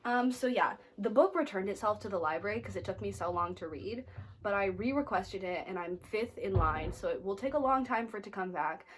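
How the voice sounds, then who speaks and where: A woman's voice: mid-range voice, lively intonation, fairly quick, slight background noise. Chatty American woman book vlogger. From United States. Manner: chatty, lots of "like" fillers, playfully snarky. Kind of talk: casual reading wrap-up chat.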